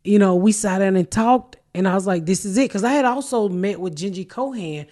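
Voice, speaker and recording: A middle-aged woman, hosting a podcast and telling profane, animated stories in casual chat. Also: mid-range voice, fairly quick. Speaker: podcast host and comedian.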